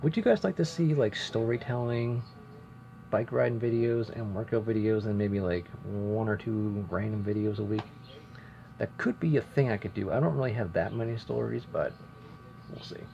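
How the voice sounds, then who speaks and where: Gravelly low-voiced man telling a story. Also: moderate pace, dark tone. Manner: rambling, chatty, self-interrupting. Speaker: vlogger. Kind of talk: casual storytelling vlog. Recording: dull lo-fi sound with faint noise.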